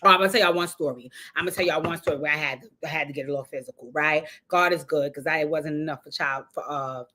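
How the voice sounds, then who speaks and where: A woman hosting a casual livestream, telling a loud, profane, animated story to her viewers. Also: deep voice, fast talker, hardly any pauses. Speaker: show host.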